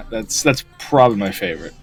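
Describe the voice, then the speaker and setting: A man's voice: fairly low pitch, a bit bright. A man hosting a game stream, chatting casually in a voice call, teasing, swearing freely and laughing often. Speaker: streamer host. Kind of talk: casual voice-chat banter. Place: online voice chat during a game stream.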